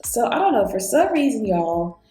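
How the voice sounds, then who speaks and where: A beauty vlogger with a fairly high voice and moderate pace chats casually while doing her makeup, telling animated stories straight to her viewers. She's recorded in an echoey room with faint background music.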